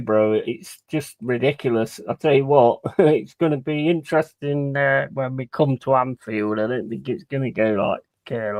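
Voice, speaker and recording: A man's voice: mid-range voice, poor audio. A man streaming a football watch-along, talking in a heated, blunt, sweary casual rant. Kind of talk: casual ranting stream chat.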